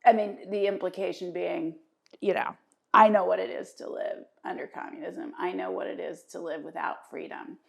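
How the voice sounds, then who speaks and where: A middle-aged woman, the guest, chatting casually over a meal and telling lively stories, often jumping in. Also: lowish voice, moderate pace, creaky. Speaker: interview guest.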